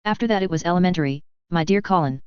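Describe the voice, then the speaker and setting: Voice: medium pitch, very fast, smooth, no room sound, muffled recording, natural voice. A narrator voicing an exuberant, scheming schoolgirl, cheerful and teasing in a sing-song way.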